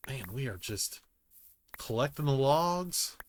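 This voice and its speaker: A man's voice: mid-range voice, expressive, slow pace, a little hiss or hum. A man giving rambling, jokey gameplay commentary, muttering self-deprecating asides to himself as he plays. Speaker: gaming YouTuber. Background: music.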